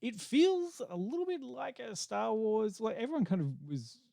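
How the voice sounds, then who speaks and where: A man's voice: extremely high pitch, big pitch swings, moderate pace, vocal fry, warm tone, no echo. A man hosting a casual podcast chat, joking and laughing often, rambling with fillers. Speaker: podcast host.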